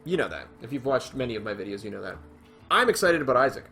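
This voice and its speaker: A man chatting his way through a gaming session, wandering from thought to thought and poking fun at himself. His speaking voice sits at an everyday middle pitch, with faint music playing underneath. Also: big pitch swings, fast talker, pushed and bright. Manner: rambling, chatty and self-deprecating; thinks aloud with frequent fillers and restarts. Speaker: gaming video host. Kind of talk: casual gameplay commentary.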